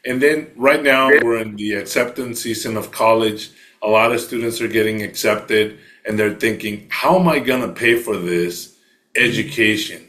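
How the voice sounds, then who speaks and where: A man's voice: fairly low pitch, moderate pace, a bit bright. Man hosting, asking long winding questions. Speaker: podcast host. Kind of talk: interview questions.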